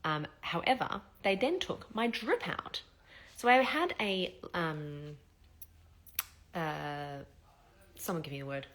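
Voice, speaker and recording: A woman's voice: on the low side, lively intonation, takes it slowly, long pauses, a bit bright. A woman, chatting bluntly and expressively while recovering from surgery. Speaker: vlogger. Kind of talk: casual storytelling.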